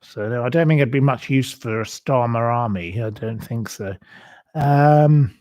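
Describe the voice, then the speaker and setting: A man's voice: mid-range voice, measured pace, a little mellow, no room sound. A man hosting a casual livestream, rambling and chatty with many ums and asides. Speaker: host.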